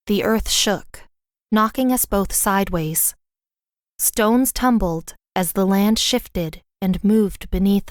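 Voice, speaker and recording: A woman narrating a fantasy audiobook in the first person, with a smooth, clear reading voice. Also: medium pitch, dry recording, clean studio sound.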